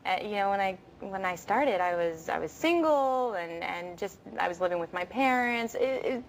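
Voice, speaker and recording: A woman's voice: medium pitch, expressive, moderate pace, slight background noise, poor audio. A woman in her thirties, an actress being interviewed, chatting casually and laughing often. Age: 30s. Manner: giggly, chatty with fillers. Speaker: actress guest.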